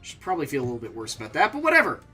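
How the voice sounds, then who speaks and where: A man's voice: fairly high pitch, wildly swooping pitch, racing, pushed and bright, slightly rough, soft background music. A man giving casual, offhand let's-play commentary, rambling and full of fillers. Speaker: streamer.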